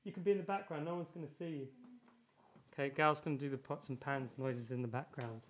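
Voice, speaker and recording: A man's voice: a little high, fast talker. A man hosting a music livestream, chatting casually and poking fun at himself between numbers. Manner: relaxed, chatty, self-deprecating asides. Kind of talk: casual chat between songs. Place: home room at a piano. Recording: music clearly heard behind. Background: music playing.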